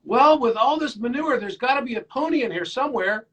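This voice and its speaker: A beaming little boy who finds the bright side of anything, as a man puts him on. The voice is pitched high and a little husky, bubbling with delight. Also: expressive, a little fast, heavily acted. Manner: delighted, upbeat. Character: cheerful optimistic five-year-old boy.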